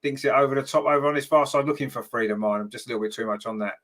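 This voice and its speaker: A man's voice: medium pitch, racing, a bit bright. A man hosting a fan watchalong, giving partisan match commentary and reading viewer comments aloud, chatty with lots of ums and tag questions.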